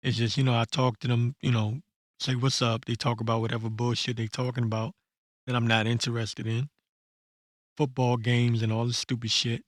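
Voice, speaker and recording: Man, blunt profane rant, average pitch, dry recording, reads verses slowly. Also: flat delivery, no room sound. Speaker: online commentator. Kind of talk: blunt unscripted rant with scripture reading.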